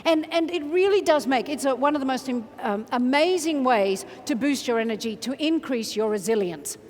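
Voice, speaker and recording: A woman motivational speaker, giving an energetic, playful keynote in a large conference hall and leading the crowd in chants. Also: high-pitched, moderate pace. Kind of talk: keynote speech to a large audience. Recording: reverberant hall from a stage mic.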